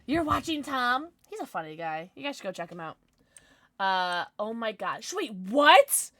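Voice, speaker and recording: A woman streamer chatting casually during a gameplay livestream, reacting loudly and reading chat aloud. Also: mid-range voice, normal speed. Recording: steady background noise.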